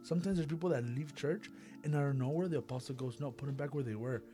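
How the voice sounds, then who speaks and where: A man in casual faith talk, animated and acting out quotes in lively voices as a co-host. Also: mid-range voice, fast talker. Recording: faint music behind.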